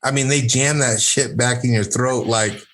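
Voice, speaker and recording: A man's voice: medium pitch, steady tone, normal speed, a bit bright. A man chatting as a podcast guest, brash and rambling, swearing freely and filling his talk with "like" and "you know". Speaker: podcast guest, fight coach. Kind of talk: casual podcast chat.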